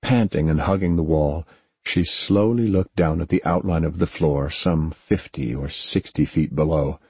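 A man reading a story aloud as a narrator, in a steady, measured way. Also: a bass voice, slightly rough, no room sound. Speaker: audiobook narrator. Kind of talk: scripted narration.

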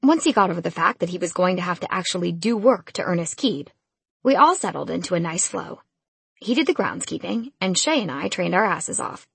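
Very breathy, low-voiced woman narrator. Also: animated, brisk, no room sound. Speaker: audiobook narrator. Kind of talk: first-person novel narration.

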